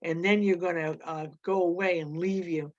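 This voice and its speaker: A scornful giant male rabbit drawls his taunts slowly and with contempt, as a woman reader puts him on. He jeers and belittles. The storybook recording sounds dull and lo-fi. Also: fairly low pitch, fairly even intonation, close to an everyday voice.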